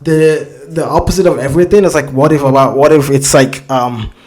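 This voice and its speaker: A man's voice: fairly high pitch, steady tone, brisk, darkish tone. A man hosting a reaction video, talking casually and rambling, swearing a lot and often searching for words.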